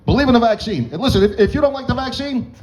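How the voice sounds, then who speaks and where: Man impersonating a smooth older politician orator, measured pauses, raised pitch. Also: animated, a little mellow. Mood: solemn. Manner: slow, stately pauses.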